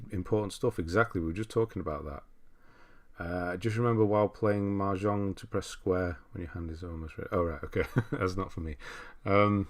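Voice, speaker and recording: Low-voiced English man chatting on stream. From England. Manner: chatty, easygoing, laughs often, frequent restarts. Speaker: livestream host. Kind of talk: casual livestream chat, reading viewer comments aloud.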